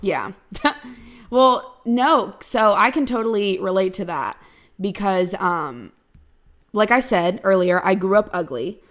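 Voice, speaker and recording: A woman's voice: mid-range voice, animated, takes it slowly, fairly bright tone. A woman in casual chat who reacts a lot, laughs easily and makes joking asides.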